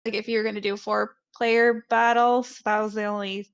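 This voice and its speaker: A woman's voice: medium pitch, flat delivery, brisk, clean tone, dull audio. A woman guest chatting casually, hesitant and self-deprecating, with frequent giggles. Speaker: podcast guest. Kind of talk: casual chat.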